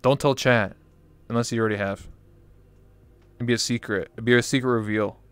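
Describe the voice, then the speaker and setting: A man's voice: mid-range voice, fairly even intonation, a little fast, a bit bright, clean tone, dry recording. A man hosting a live-stream interview in casual chat, joking crudely and swearing a lot. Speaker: talk show host. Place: virtual reality chat stream.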